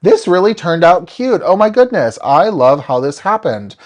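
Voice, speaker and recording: His voice sits high, swings broadly in pitch, and keeps a normal speed. This young man hosts a live card-making stream, chatting cheerfully and speaking to viewers by name while he works.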